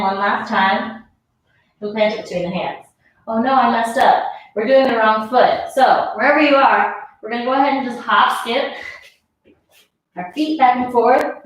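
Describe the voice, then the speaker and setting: Breathy woman guiding yoga, echoey room. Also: on the high side. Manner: casual, encouraging cues, counts breaths aloud. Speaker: yoga instructor. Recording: very echoey room, mic far off.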